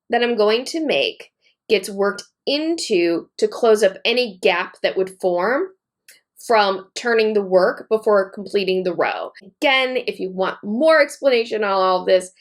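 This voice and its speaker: A woman teaching a knitting technique step by step, talking while she works and repeating key points methodically. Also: mid-range voice. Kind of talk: step-by-step tutorial demonstration.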